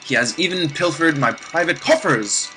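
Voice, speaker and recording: A man's voice: on the high side, expressive, moderate pace, music in the background, lightly acted. A man voicing a proud young prince reading his own journal, in a put-on accent that keeps shifting. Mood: proud, solemn. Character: earnest young male prince writing a journal.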